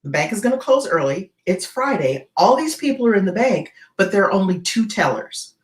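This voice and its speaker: A woman tells a gripping story in an interview, her pitch swinging widely as she builds tension. She keeps tossing in "right?" to pull the listener along, and her voice carries a roomy echo. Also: fairly quick. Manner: animated, keeps checking in with "right?". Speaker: guest keynote speaker.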